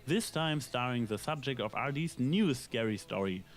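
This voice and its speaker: A man's voice: mid-range voice, expressive. Man narrating a scripted review. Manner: measured, analytical, dry asides. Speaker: episode reviewer. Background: faint background music.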